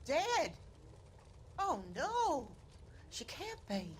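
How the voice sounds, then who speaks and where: An actress playing a prim, fussy middle-aged boarding house owner in a video game. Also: female voice, extremely high pitch, huge pitch swings, drawn-out words, a little hiss or hum, full character voice. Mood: shocked.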